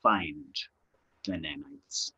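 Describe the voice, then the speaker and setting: Husky-voiced man running a tabletop game. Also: low voice, bright, forceful tone, highs cut off. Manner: unhurried, explains in plain terms, trails off at times. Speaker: game master. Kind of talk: narrating a tabletop game over voice chat.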